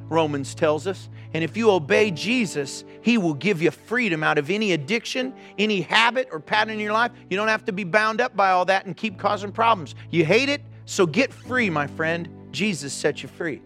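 High-pitched guy preaching a sermon, earnest, pushing folks, soft music underneath. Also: animated, moderate pace. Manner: earnest, exhorting, addresses congregation directly. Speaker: pastor. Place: church.

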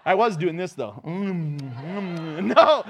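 A man's voice: sits high, sing-song, drawn-out words, fairly bright tone, slight background noise. A middle-aged man preaching a sermon, telling stories animatedly with laughter and mimicked voices. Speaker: pastor.

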